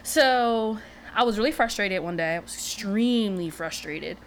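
Woman co-host, animated storyteller, plays out dialogue; faint hiss. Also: medium pitch, moderate pace. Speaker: podcast co-host. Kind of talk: casual chat.

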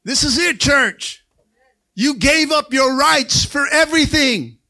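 A man preaching a Pentecostal sermon in a church. He calls for amens and rises to excited shouts. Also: very high voice, takes it slowly. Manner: call-and-response preaching, asks for amens. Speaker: pastor. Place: church sanctuary.

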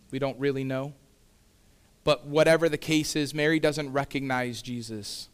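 Smooth-voiced man preaching casually. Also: medium pitch, a bit bright. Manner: conversational preaching with casual asides. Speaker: pastor. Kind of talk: sermon.

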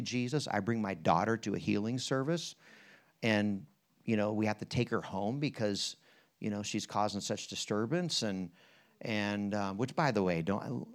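A man from Pennsylvania preaching at a church conference, telling a story in a folksy way and then leading the listeners in prayer. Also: lowish voice. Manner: animated, jumps between quiet and loud in retelling, folksy asides; leads the room in prayer, asks listeners questions. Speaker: guest preacher.

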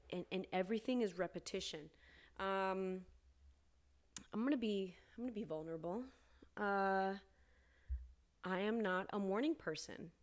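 A young woman hosting her own podcast, talking earnestly and casually, with sudden high emphatic bursts. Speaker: podcast host. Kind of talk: casual solo podcast talk.

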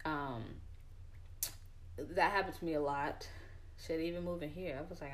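A woman's voice: sits low, moderate pace. A young woman in a casual chat, talking candidly and full of fillers as she tells her own story.

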